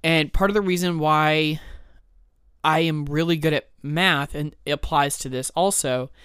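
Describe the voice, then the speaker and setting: A man co-hosting a casual podcast, telling an excited, rambling story. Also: fairly high pitch, measured pace, clear, resonant tone, dry recording, studio quality. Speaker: podcast co-host. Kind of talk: casual chat.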